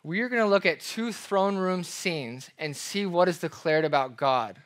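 A man's voice: high voice, normal speed. A man preaching a sermon as pastor, reading scripture with emphasis and acting out everyday examples. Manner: expressive preaching, reads scripture aloud with emphasis; acts out everyday examples in playful voices.

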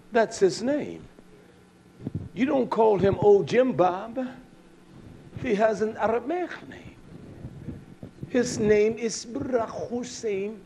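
Man, high voice, fiery preacher, shouts now and then, swears, repeats for emphasis, says "uh" a lot. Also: slight background noise. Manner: often shouts, with many "uh" fillers. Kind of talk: fiery sermon.

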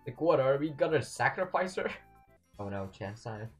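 Excitable young man yelling at a game. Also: medium pitch, normal speed, soft background music. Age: young adult. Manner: excitable, yells and mutters at the game. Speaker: gameplay commentator. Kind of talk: let's play commentary.

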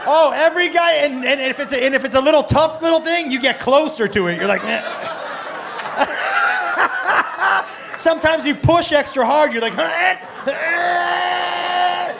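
Middle aged guy doing standup, voice way up high, loud and animated, cursing a lot, club crowd. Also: moderate pace, creaky, noisy background. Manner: loud, animated, profane storytelling. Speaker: stand-up comedian. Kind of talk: stand-up comedy. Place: comedy club stage before a live audience.

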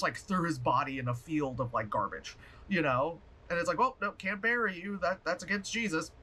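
A man chatting through a movie review vlog, animated and profane, rambling with fillers and laughs. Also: on the high side.

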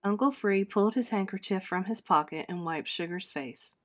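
A woman teacher reads a children's chapter book aloud to her class, her narration expressive and measured. She lifts her voice for the characters' dialogue and lets it fall soft and low between lines. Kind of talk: storybook read-aloud narration.

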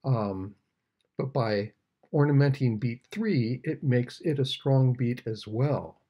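An older man giving an unhurried, thoughtful music lesson, sometimes singing out rhythms. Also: medium pitch, dark tone, husky. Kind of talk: relaxed video lesson on music.

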